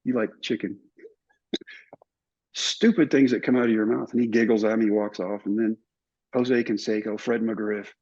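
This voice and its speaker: An older man telling stories in an interview, animated and acting out other people's lines. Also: fairly low pitch, moderate pace. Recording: somewhat dull, muffled recording.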